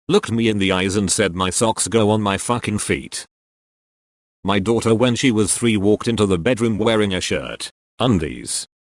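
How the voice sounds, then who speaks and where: A man reading short anecdotes aloud in a steady, matter-of-fact way. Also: on the low side, dry recording, studio quality. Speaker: narrator reading online posts.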